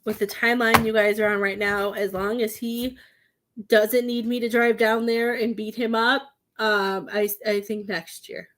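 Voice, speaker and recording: A woman's voice: on the high side, flat delivery, unhurried, fairly bright tone, slight background noise. A young adult woman, a psychic medium, giving readings on a live stream from home, talking in a gushing, emotional way with many restarts.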